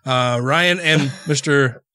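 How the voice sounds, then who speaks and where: A man's voice: mid-range voice, slow pace, pushed and bright, no echo. A man co-hosting a podcast from a studio, eagerly asking a guest questions in a casual, chatty way. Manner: eager, chatty, restarts sentences. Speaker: podcast co-host.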